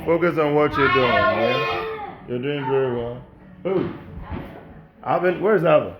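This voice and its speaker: A man, a childcare educator gently encouraging and instructing children as they cook. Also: mid-range voice, measured pace, highs cut off, over music. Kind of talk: instructing children while cooking.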